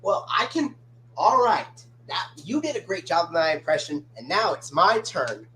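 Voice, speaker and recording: A woman hosting a casual chat stream, talking in a halting way as she discusses cartoon episodes. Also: fairly low pitch, big pitch swings, a bit bright, a little hiss or hum, rough recording. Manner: halting, with fillers and restarts. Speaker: stream host.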